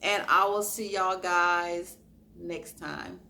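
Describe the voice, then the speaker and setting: A young woman vlogger speaks slowly in a fairly low-pitched voice, casually telling her viewers a story. Her storytelling is animated, and she acts out the lines people said.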